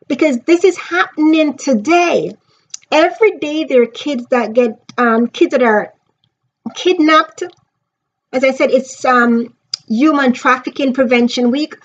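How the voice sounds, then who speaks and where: A woman's voice: high-pitched, unhurried, lo-fi sound. A woman and author giving an earnest, emphatic book review in a casual vlog, speaking straight to her viewers.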